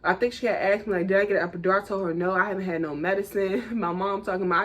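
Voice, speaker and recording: A young woman tells a personal story straight to her viewers. Her delivery is casual and animated, full of fillers and asides to the audience. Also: fairly low pitch, quick pace, hardly any pauses. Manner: chatty, animated, lots of "like" and "y'all". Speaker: vlogger.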